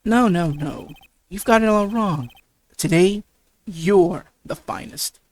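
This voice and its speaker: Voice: mid-range voice, slow, darkish tone. A reader voicing a cocky male senior attorney who teases his junior partner, in a visual novel game. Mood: teasing. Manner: smug, teasing, with stumbles. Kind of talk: reading game dialogue aloud.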